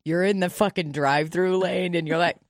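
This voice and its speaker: A woman's voice: fairly low pitch, fairly even intonation, fairly quick. A woman hosting a podcast in casual chat, crude, profane and teasing. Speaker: podcast host.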